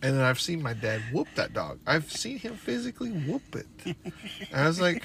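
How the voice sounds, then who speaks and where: Young man, podcast co-host, bright edgy tone, acts out every quote with swearing. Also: fairly high pitch, brisk, creaky, a little hiss or hum. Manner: animated storyteller, acts out quotes, swears freely. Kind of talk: casual chat.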